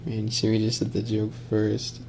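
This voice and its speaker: A man's voice: on the low side, completely flat delivery, normal speed, a little mellow, poor audio. Rambling, jokey male streamer. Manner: rambling, jokey, laughs often. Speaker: ASMR streamer. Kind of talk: casual live-stream chat. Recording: noticeable background noise.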